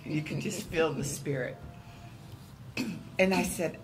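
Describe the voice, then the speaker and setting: A woman at a church round table, telling a story in a casual, animated way and acting out the voices in it. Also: low-pitched, slow, slight background noise, low-quality recording. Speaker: church member.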